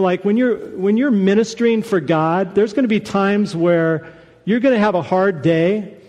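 High-voiced man preaching in a reverberant hall. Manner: conversational, animated preaching with asides. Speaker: pastor. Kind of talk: sermon.

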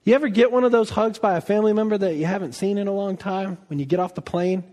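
A man preaching a sermon, telling a story with animated delivery and acting out quoted lines. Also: high voice, quick pace, in a large hall. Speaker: pastor.

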